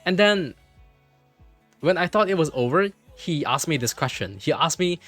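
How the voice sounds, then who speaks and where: A man livestreaming from his computer, telling a story in an animated way, repeating himself and swearing freely. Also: a little high, moderate pace, no echo, faint music behind.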